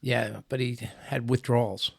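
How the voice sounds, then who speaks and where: A middle-aged man co-hosting a radio talk show, trading quick one-liners in casual chat. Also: medium pitch, fairly even intonation, creaky, dry recording, clean studio sound. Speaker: co-host. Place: radio studio.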